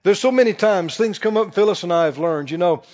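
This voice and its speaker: A man preaching a sermon in an animated, conversational way to a church congregation. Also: high-pitched, a little fast. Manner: animated, conversational, acts out quoted voices. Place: church hall. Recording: dull recording with long hall reverb.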